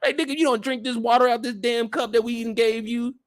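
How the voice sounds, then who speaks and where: A man hosting a casual live after-show discussion, ranting comedically with heavy slang and swearing, and jumping into loud voices for the people he quotes. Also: very high voice, quick pace. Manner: animated, comedic rant with lots of slang and swearing. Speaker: show reaction host.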